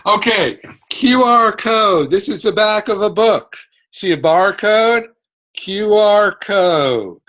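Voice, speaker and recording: Slow, bright-voiced man explaining. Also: high-pitched, expressive, poor audio. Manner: slow, deliberate explaining with frequent fillers. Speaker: writing and marketing instructor. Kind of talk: casual instructional talk to camera. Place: office.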